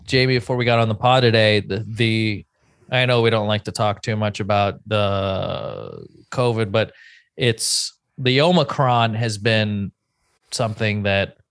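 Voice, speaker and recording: A man's voice: lowish voice, measured pace, fairly bright tone, smooth, no echo, studio quality. A man in his thirties co-hosting a podcast, rambling through stories and cutting himself off mid-thought. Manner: rambling, self-interrupting storyteller. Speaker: podcast co-host. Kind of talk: casual chat.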